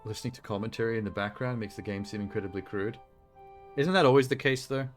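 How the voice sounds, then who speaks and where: A man talks casually while streaming a game, blunt and quick with profane jokes. His voice sits a little low. Game music plays clearly in the background. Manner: blunt, profane, joking asides. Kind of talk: casual live-stream gameplay commentary. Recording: game music playing behind.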